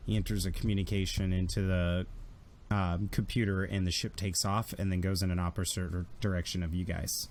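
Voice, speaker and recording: A man running a tabletop game as game master, telling the story in a casual, animated way with fillers. His voice sits fairly low. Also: a little fast.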